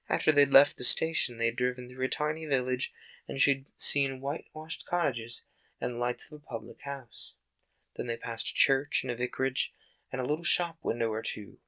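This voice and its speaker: A man host reading a classic children's book aloud in a calm, steady narration. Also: mid-range voice. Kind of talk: audiobook-style narration.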